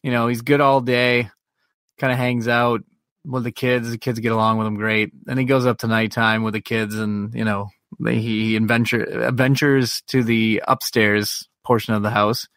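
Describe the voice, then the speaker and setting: A man's voice: medium pitch, flat delivery, normal speed, fairly bright tone, no room sound, studio quality. A man co-hosting a podcast, telling a long, profane story in casual chat. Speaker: podcast co-host.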